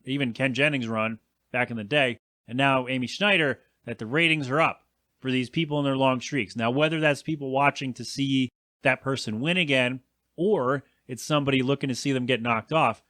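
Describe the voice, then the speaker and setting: A man's voice: medium pitch, sharp tone, no echo, clean studio sound. A man in his thirties hosting a solo podcast, rambling in a chatty, self-deprecating way and answering his own asides. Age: 30s. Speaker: podcast host.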